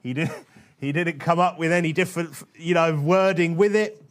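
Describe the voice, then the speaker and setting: A male preacher giving a sermon in a conversational way, often checking in with questions like "okay?" and slowing down to stress scripture. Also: on the high side. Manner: conversational, with frequent tag questions; slows and stresses quoted scripture.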